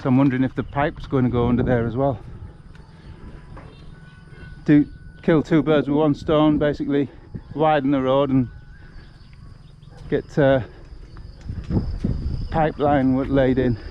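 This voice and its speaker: A man's voice: medium pitch, steady tone, measured pace, long pauses, lo-fi sound, a little hiss or hum. A man from England chatting casually and rambling through stories as he walks along a rural road, recorded on a handheld camera outdoors. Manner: chatty, rambling, laughs often. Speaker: vlogger on a charity walk. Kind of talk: casual chat while walking.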